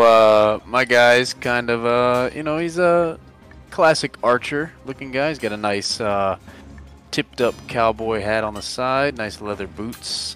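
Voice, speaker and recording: Slow laid-back male player. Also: medium pitch, a bit bright. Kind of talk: casual gaming chat.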